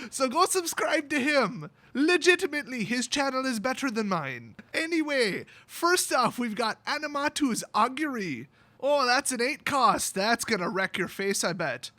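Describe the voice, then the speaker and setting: A man reviews cards in a playful, exaggerated put-on Irish accent. His voice sits high and sounds crisp and sharp. The recording is dry, with no room sound. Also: dry recording. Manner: joking, exaggerated mock accent. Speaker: channel host. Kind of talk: card spoiler review.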